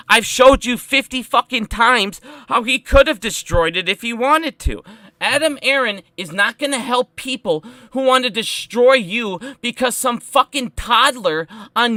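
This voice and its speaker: A man's voice: very high-pitched, sharp tone, no room sound. A man ranting heatedly on a live stream, profane and emphatic as he talks about stocks.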